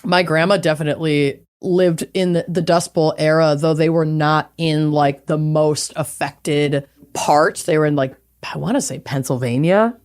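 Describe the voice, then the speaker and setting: A woman's voice: low-pitched, fairly even intonation, moderate pace, hardly any pauses, darkish tone. A woman co-hosting a podcast who promotes events and banters playfully in casual chat. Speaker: podcast co-host.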